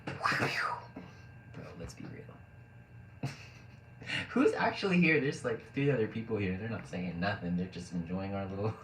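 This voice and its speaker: A man's voice: on the low side, animated, slow, pauses often. A man casually chatting with his live stream audience, joking, laughing often and rambling with fillers. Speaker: live streamer reading chat. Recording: roomy echo, faint background noise.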